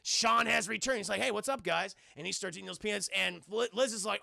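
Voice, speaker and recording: A man walks his live chat through a film scene by scene, swearing freely and jumping into the characters' lines. His voice sits high and comes across bright and pressed. It is heard close and dry, with no room around it. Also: quick pace, creaky, hardly any pauses, no echo. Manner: animated, profane, acts out character lines. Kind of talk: casual scene-by-scene film recap.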